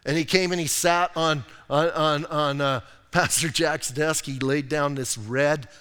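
A man's voice: a little high, steady tone, unhurried, fairly bright tone, clean tone. A man preaching a sermon as pastor, in a conversational, folksy way with casual asides. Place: church sanctuary. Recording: long reverb of a church hall.

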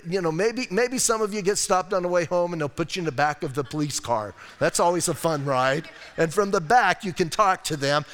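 Man, pastor, sermon, joking and conversational, slightly high voice, long church reverb. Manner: humorous and conversational, swinging between soft and emphatic.

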